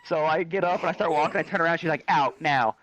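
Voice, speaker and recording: A man telling a comic, profane story in a lively, animated way. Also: racing, dry recording, low-quality recording. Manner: animated, profane, jumps into high squeaky voices for quotes. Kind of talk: comic storytelling in a virtual chat room.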